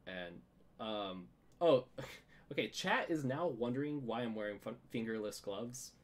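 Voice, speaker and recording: A man hosting a casual podcast, animated and laughing a lot, often restarting words and saying "like". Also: medium pitch, measured pace. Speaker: podcast host. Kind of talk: casual chat.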